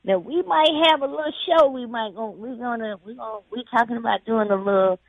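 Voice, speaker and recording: A woman's voice: a little high, brisk, creaky, no echo. A woman guest talking casually in a laid-back, rambling way and laughing often, calling in by phone. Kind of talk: casual interview chat. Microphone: phone call. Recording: tinny phone line.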